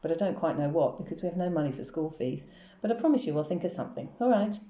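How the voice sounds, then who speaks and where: A woman reading aloud and voicing a firm but caring mother with a brisk, reassuring manner. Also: low-pitched, animated, dark tone, reverberant.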